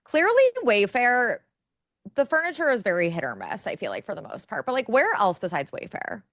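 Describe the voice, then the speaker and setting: A young woman co-hosts a podcast, rambling casually with lots of filler words. Her fairly high, fairly bright voice is very animated and at normal speed, recorded clean in a studio with no echo.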